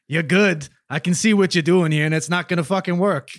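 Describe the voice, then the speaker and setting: A man's voice: sits high, brisk, no echo, clean studio sound, natural voice. A man voicing a tough-talking New Jersey wise guy witness with a streetwise, swearing manner and a New Jersey accent. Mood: suspicious. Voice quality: brash, streetwise, swears, rising excited outbursts.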